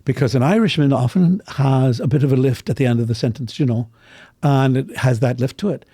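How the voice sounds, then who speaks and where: A man's voice: medium pitch, brisk, dark tone, no echo, studio quality. A man working as a voice coach, explaining dialect sounds in a casual interview and acting out vowels as he goes. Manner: demonstrates vowel sounds, clears throat often. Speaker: voice coach guest.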